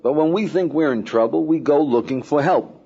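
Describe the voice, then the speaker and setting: A man's voice: a little high, a little fast, slightly rough. A man teaching as a rabbi in an informal, conversational lecture, acting out everyday scenes and keeping the class with him through constant questions. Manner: conversational, keeps asking "right?" and "yeah?"; lively, acts out everyday scenes. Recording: dull lo-fi lecture recording.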